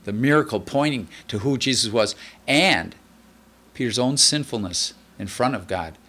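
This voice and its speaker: A man teaching a sermon on a Bible passage in a conversational, folksy way, with asides and restarts, acting out quoted lines more slowly. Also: mid-range voice, expressive, bright, forceful tone.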